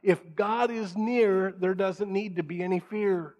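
A middle-aged man preaching a sermon, shifting between raised, acted-out prayers and a quiet hush. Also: sits high, measured pace, dull audio. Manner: dramatic, acts out prayers and quotes in raised voices, drops to soft hush. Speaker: pastor. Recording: long hall reverb.

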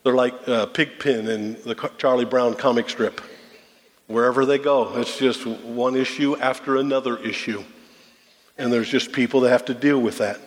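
A man's voice: medium pitch, fairly even intonation, normal speed. A man pastor delivering a folksy, conversational sermon, full of rhetorical questions to the congregation. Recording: long reverb of a large hall.

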